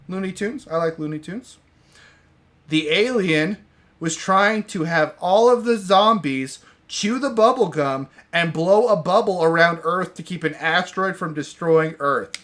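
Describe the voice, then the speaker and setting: A man's voice: a little high, fairly bright tone. A man hosting a casual podcast, ranting in an exasperated, sarcastic way. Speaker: podcast host reviewing movies. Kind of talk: casual chat.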